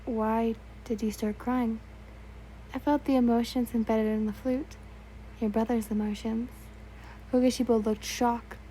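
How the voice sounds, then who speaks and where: A woman's voice: on the high side, flat delivery, unhurried, mellow, a little hiss or hum, rough recording. A young woman reading fan fiction aloud in a casual, stumbling way, correcting herself and adding asides.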